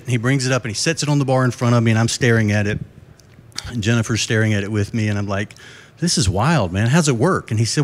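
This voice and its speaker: A man's voice: medium pitch, quick pace. A middle-aged man giving a live conference keynote, telling folksy jokes and putting questions to the crowd. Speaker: keynote speaker. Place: conference stage before a live audience.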